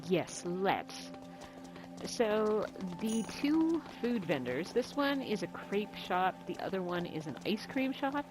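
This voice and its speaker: A woman's voice: medium pitch, very animated, slow pace, low-quality recording. A woman hosting a game walkthrough in casual, chatty commentary over game music. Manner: chatty, rambling. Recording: game music playing behind.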